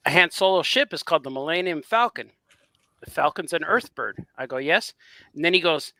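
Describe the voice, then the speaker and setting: A man on a podcast telling a long story with animated energy, acting out both sides of a conversation. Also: a little high, brisk, dry recording. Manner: animated storyteller, acts out quoted dialogue. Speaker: podcast host. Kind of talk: casual chat, storytelling.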